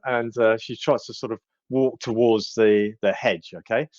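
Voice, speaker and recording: A man narrating as game master in a relaxed, hesitant way. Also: fairly low pitch, normal speed, no echo, highs cut off. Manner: relaxed, hesitant, with many fillers.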